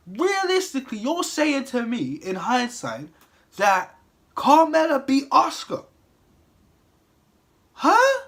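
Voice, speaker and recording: A man's voice: very high voice, a bit bright. Exasperated man ranting. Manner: heated, exasperated, lots of swearing and rhetorical questions. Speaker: wrestling commentary vlogger. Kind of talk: profane ranting monologue.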